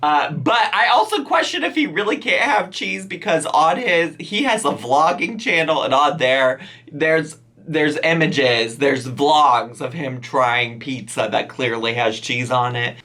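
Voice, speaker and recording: A man reacts to a cooking video with incredulous, teasing commentary, laughing as he goes. His voice is bright and swings widely in pitch. He speaks at an unhurried pace. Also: lively intonation. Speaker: reaction channel host.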